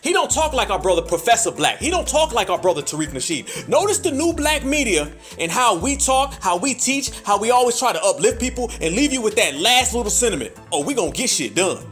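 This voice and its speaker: A man with a high, lively voice rants through a podcast monologue, swinging his pitch widely as he builds points in a rhythmic, preacher-like cadence. He leans hard on emphasis and curses freely. Faint music sits under his voice. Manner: mimics other voices in quick asides. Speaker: podcast host. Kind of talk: animated commentary monologue.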